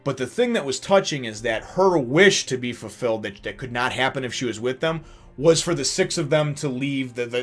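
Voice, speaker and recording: Man, mid pitch, excited rambling review host, lots of restarts, faint background music. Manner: enthusiastic, rambling with restarts and fillers. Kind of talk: casual solo review.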